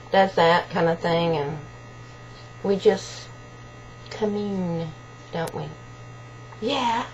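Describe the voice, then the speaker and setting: A woman's voice: medium pitch, highs cut off. A woman at home making a video of her pet parrot, talking to it in affectionate, cooing baby-talk. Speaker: pet owner. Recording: loud hum and buzzing noise behind.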